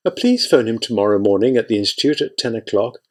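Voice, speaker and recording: A woman's voice: very deep voice, lively intonation, fast, a little mellow. A man reading an audiobook, voicing a woman who answers the phone in a friendly but dismissive way. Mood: polite.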